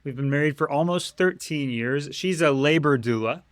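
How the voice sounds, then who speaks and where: A man's voice: a little high, dry recording. A man in his thirties, a Greek teacher, chatting casually and eagerly in an interview, with many fillers and bursts of speed. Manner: enthusiastic, talks fast in bursts with many fillers.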